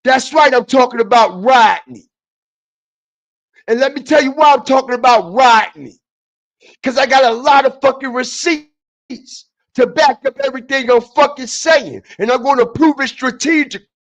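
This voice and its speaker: A man streaming a heated, profane commentary who keeps repeating his points, shifting from low muttering to shouting. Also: moderate pace. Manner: repetitive, emphatic, often repeats phrases; profane and confrontational.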